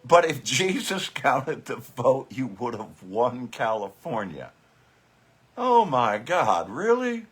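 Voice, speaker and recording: A man in his live commentary show, slow-paced and sarcastic, with frequent swearing. His voice sits a little high and sounds bright and forceful. It carries a husky, breathy grain. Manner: sarcastic, profane, scoffing. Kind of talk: casual live political commentary.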